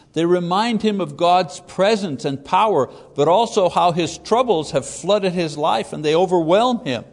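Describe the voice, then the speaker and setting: A man preaching a conversational Bible lesson, reading verses and briefly acting out the voices in them. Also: in a large hall. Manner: conversational, acts out quoted voices with rising pitch. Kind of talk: expository Bible teaching.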